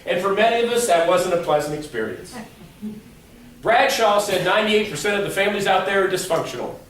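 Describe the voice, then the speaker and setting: A middle-aged man with a fairly high voice gives a joking motivational talk to a crowd. He is picked up from far off in a big echoey hall, with faint room ambience behind him. His storytelling is playful and full of acted-out quotes. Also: lively intonation, fairly quick, fairly bright tone, a little hiss or hum. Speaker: motivational speaker. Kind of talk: humorous keynote speech. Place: large hall before a live audience.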